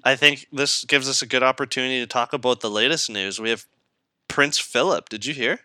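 A young man from Canada co-hosting a podcast, chatting casually, swearing freely and laughing loudly. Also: medium pitch, brisk, no room sound, clean studio sound. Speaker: podcast co-host. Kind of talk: casual chat.

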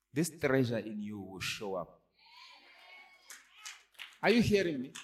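A man's voice: a little high, a little hiss or hum. A man preaching a sermon as pastor, pressing the congregation with repeated questions like "are you hearing me". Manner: call-and-response preaching, repeated rhetorical questions.

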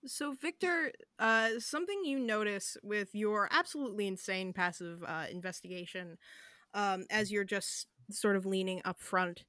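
A woman's voice: medium pitch, normal speed, pushed and bright, no room sound. Lady running a tabletop game, lots of ums, describes everything, dead dry audio. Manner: describes scenes at length, with fillers. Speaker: game master.

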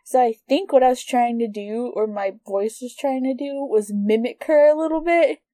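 A woman's voice: fairly high pitch, normal speed, dark tone, dry recording. Giggly young woman, dry close sound. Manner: giggly, rambling storytelling. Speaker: podcast co-host. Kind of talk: casual chat.

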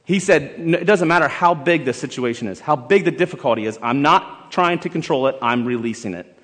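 High-voiced man preaching in a reverberant hall. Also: animated, a little fast. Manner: emphatic, rising to shouted exhortation, leads the congregation in song. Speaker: pastor. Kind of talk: sermon. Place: church sanctuary. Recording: long hall reverb with faint music.

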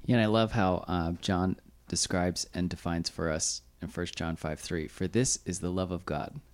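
A man's voice: low voice, fairly even intonation, moderate pace. A man speaking as a guest on a church podcast, reflective and casual with many "like"s. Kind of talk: conversational Bible discussion.

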